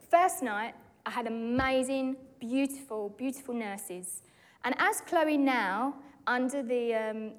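A British woman in her forties giving a lively, excitable testimony to a church gathering from a stage. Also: fairly high pitch. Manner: animated, excitable storyteller who acts out quotes. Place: stage in a hall. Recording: echoey hall.

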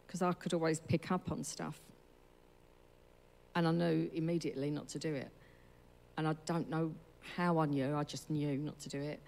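Low-voiced woman in a reverberant church hall. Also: steady tone, moderate pace, creaky, a little mellow. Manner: rambling, chatty storytelling with self-corrections. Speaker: church member giving testimony. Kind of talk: personal testimony.

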